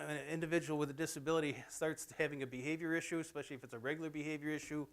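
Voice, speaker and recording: Plainspoken middle-aged man giving a talk. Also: fairly high pitch. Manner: plainspoken, anecdotal, conversational. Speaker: presenter at a campus talk. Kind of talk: informal lecture to students. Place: college theatre, in front of an audience.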